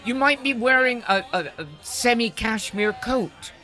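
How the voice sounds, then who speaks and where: A woman's voice: a little high, measured pace, sharp tone, faint music behind. An older woman hosting a podcast, teasing and blunt with her guests in casual banter. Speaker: podcast host.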